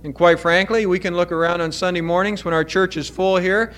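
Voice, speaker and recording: Male pastor, higher-pitched voice, earnest and deliberate sermon delivery, teaching from scripture. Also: steady tone, fairly bright tone. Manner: earnest, explanatory preaching with deliberate emphasis.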